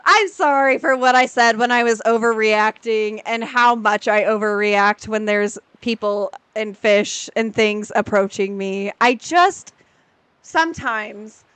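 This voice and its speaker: A woman's voice: fairly high pitch, a bit bright, clear, resonant tone, dry recording. A woman in her thirties streaming a video game, chatting casually with viewers and playfully exasperated. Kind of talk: casual gameplay chat with viewers.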